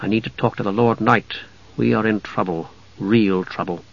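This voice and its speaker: A man's voice: on the low side, normal speed, creaky, no echo, muffled recording, voice pushed down. A man reading an audiobook, voicing a weary, worried leader who urges and mutters. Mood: muttering. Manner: urging, muttering.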